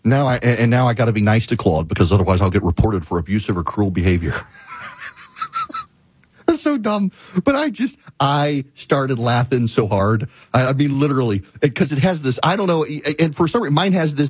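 A man hosting a talk show, telling a story in a ranting, animated way. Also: medium pitch, fairly quick, few pauses, breathy edge, dry recording. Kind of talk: casual monologue.

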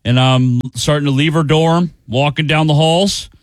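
A man's voice: fairly high pitch, fairly even intonation, moderate pace, no room sound. A man in his forties, a radio co-host, telling a funny story in casual banter and mimicking other voices.

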